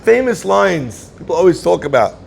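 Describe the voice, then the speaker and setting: Gravelly storytelling rabbi, a man. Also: sits high, very animated, moderate pace, darkish tone, a little hiss or hum. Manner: storytelling, conversational, acts out quotes. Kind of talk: Torah class sermon.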